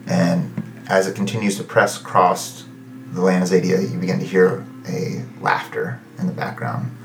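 Low-voiced man narrating as game master. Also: animated, creaky, reverberant, soft background music. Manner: halting, filler-laden narration.

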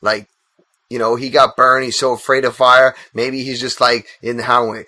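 A man with a bright, forceful tone, joking and riffing in a casual podcast chat. He sounds loose and wry, throwing in playful asides. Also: mid-range voice, level tone, normal speed. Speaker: podcast co-host. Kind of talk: casual fan discussion.

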